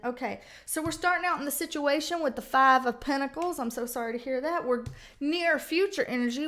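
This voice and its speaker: Woman, high voice, tarot reader, casual reading, blunt, profane, chatty. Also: fairly bright tone.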